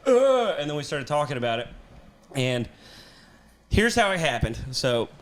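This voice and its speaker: A podcast host and comedian, a man with a mid-range, fairly bright voice, tells a long comic story at a moderate pace. He's animated, and the casual storytelling chat is full of swearing and laughter.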